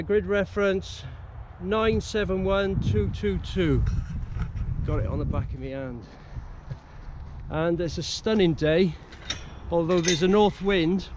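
Slow-talking man vlogging on a hillside. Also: fairly high pitch. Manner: relaxed, rambling, with many fillers. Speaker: hiking vlogger. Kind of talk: casual vlog narration. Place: outdoors on a windy hillside. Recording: dull outdoor camera audio with wind noise.

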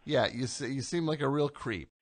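A man's voice: medium pitch, normal speed, dry recording. A man hosting a comedy radio call-in show, dry and exasperated with a caller. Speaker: radio host.

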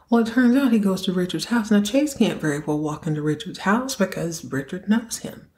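A woman's voice: mid-range voice, lively intonation, fairly quick, few pauses, darkish tone. Chatty woman joking through a recap. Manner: chatty, joking, acts out quotes. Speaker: podcast host. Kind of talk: casual recap of a TV episode.

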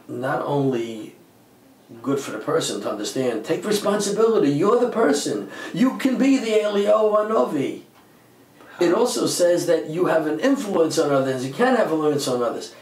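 A man who is a lecturer, telling a story in an interview with lively delivery, slipping into voices and repeating words. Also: a little high, moderate pace. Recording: roomy, distant mic.

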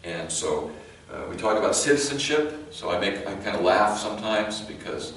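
Low-voiced Californian pastor in an echoey church. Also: male voice, animated, a bit bright. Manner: conversational, with halting restarts and light joking. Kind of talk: sermon. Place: church sanctuary. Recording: very echoey hall, mic far off, faint noise.

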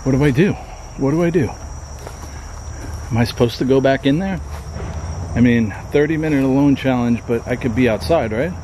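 A man's voice: mid-range voice, moderate pace, long pauses, background noise. A man filming himself alone in an abandoned trailer at night, talking in a nervous, scared way, swearing often and dropping to a whisper. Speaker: paranormal vlogger. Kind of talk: nervous ghost-hunting vlog narration. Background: crickets and insects at night.

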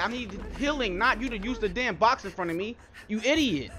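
Excitable young man narrating gameplay. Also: high-pitched, brisk, hardly any pauses, a little hiss or hum. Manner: excitable, swears and says "bro" a lot. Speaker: gameplay streamer. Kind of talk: live gameplay commentary.

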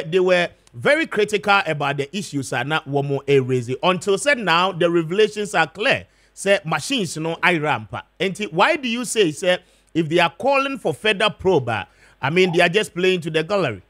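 A man's voice: high voice, very animated, moderate pace, fairly bright tone. A man with a Ghanaian accent hosting a morning radio show, pressing his guest with pointed follow-up questions. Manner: probing, pushes back on answers. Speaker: radio host.

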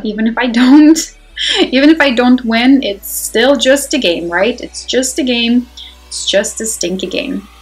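A woman giving live commentary on her own mobile game, excitable and talking to herself, swinging from loud exclamations to quiet muttering. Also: mid-range voice, low-quality recording. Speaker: mobile game player and channel host. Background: faint background music.

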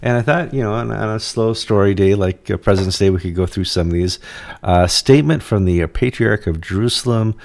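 A man with a fairly low voice runs a relaxed news chat. He brings up stories in an easygoing way and drops dry quips between them. The tone is unhurried and conversational. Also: gravelly. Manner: easygoing, leading the talk with quips. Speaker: news show host and reporter. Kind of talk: casual news banter.

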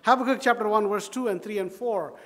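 An Indian pastor with a high, slightly bright male voice preaches a sermon briskly in a church sanctuary, his Indian English ringing with the hall's long reverb. He is emphatic, repeating phrases and posing rhetorical questions to the congregation.

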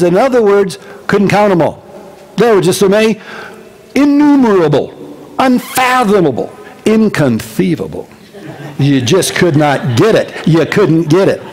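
A male pastor giving a casual Bible-teaching sermon to his congregation, animated and conversational with joking asides. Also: high-pitched, moderate pace. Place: church service before a congregation.

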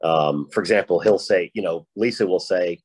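A man's voice: low voice, moderate pace, darkish tone, husky, no room sound, poor audio. A man from Rhode Island with a Rhode Island accent, a guest author talking casually and rambling with many restarts. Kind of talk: casual panel chat.

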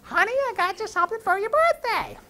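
A man putting on a high falsetto voice for an excited woman shopper in a joke. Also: a little fast, a little hiss or hum, heavily acted. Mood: amazed.

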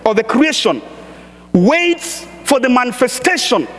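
A man preaching a sermon and reading scripture, speaking emphatically and building to shouted exhortations. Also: very high-pitched, very animated, unhurried. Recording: echoey church hall reverb.

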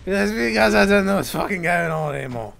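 Brief: young male gamer, high lively voice, loud and profane, joking in character. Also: a little fast, creaky. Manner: loud, crude and swearing, with over-the-top shouting outbursts. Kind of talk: profane in-character gameplay banter.

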